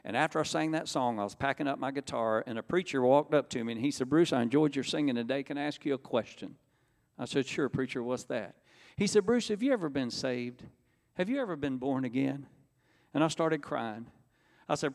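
Gravelly man preaching in a reverberant hall. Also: medium pitch, fairly quick, a little mellow. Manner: storytelling, emotional retelling with quoted dialogue. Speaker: preacher giving his testimony. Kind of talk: sermon testimony.

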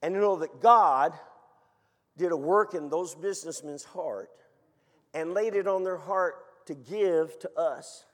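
A middle-aged man preaches, his voice sitting fairly high. He tells his story in a folksy, excitable way and climbs to loud, emphatic peaks. A long reverb hangs on every phrase, as in a big hall. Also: a little slow. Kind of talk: storytelling sermon.

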